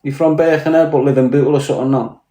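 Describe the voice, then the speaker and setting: Tired after hours of streaming, a Scouse live streamer from Liverpool, England, rants bluntly with plenty of swearing. He talks quickly in a dark-toned voice on the high side, his intonation fairly even, and the sound carries a roomy echo.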